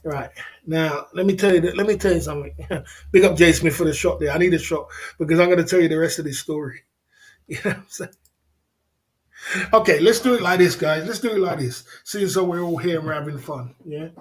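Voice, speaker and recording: A man's voice: fairly high pitch, fast. A man hosts a livestream. He tells stories in a loose, rambling way. He keeps repeating lines, chuckles and calls out to the people in the chat. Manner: rambling, repetitive, chuckles often, talks to the chat. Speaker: livestream host. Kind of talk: casual livestream storytelling.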